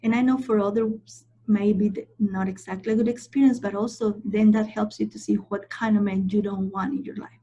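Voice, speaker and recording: A woman leads a training session in a mellow, slightly husky voice, leaning on each point and often pausing to ask "okay?". The sound is a little dull and lo-fi. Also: mid-range voice, fairly even intonation. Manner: emphatic, repeats points and checks in with "okay?". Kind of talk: training lecture.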